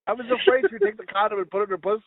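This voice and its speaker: High-voiced rambling male podcaster. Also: very fast, slight background noise. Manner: laughing, rambling storyteller. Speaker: podcast co-host. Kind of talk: crude casual chat. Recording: tinny, phone-like sound.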